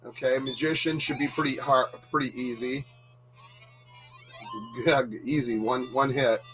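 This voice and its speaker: A man's voice: mid-range voice, fairly even intonation, a little slow, a bit bright, soft background music, low-quality recording. A man hosting a live retro gaming stream, chatting casually and playing, cracking self-mocking jokes and laughing often. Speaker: livestream host playing retro games. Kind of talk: casual gaming chat with commentary.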